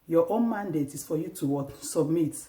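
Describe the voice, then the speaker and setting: A woman's voice: low-pitched, lively intonation, normal speed. Earnest woman preaching to wives. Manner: earnest and exhortative, acts out scenes with sharp raised outbursts. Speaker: Christian marriage advice vlogger. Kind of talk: preachy faith-based talk to wives. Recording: echoey room.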